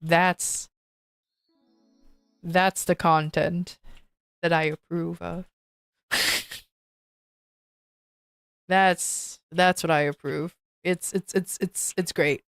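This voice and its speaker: A woman's voice: lowish voice, fairly even intonation, drawn-out words, gravelly, long pauses, a bit bright, smooth, no echo, clean studio sound, faint music behind. A woman streamer chatting casually with her viewers, playful and joking, laughing often. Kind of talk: casual live-stream chat.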